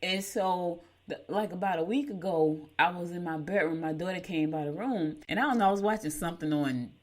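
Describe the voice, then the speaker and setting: Chatty woman, low-voiced host. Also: brisk, darkish tone. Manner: chatty storyteller, laughs at herself, folksy. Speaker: morning show host. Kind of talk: casual chat and horoscope reading.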